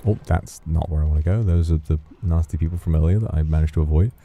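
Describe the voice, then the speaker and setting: A man's voice: a bass voice, quick pace, mellow, husky, soft background music. A man casually commentating as he streams a game, rambling and swearing playfully.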